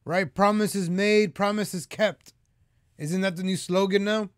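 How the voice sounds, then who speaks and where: Man, fairly high voice, heated vlog rant, repeats himself, dry close sound. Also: fairly even intonation, measured pace, no room sound. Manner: heated and repetitive, talks straight to viewers. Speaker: political commentary vlogger. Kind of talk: ranting opinion vlog.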